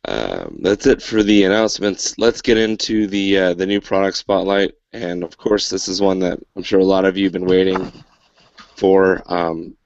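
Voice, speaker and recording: A man's voice: deep voice, normal speed, gravelly, no echo, lo-fi sound. A man hosting a casual podcast, talking loosely with lots of fillers and dry sarcasm. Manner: rambling, filler-heavy, wry sarcasm. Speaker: podcast host.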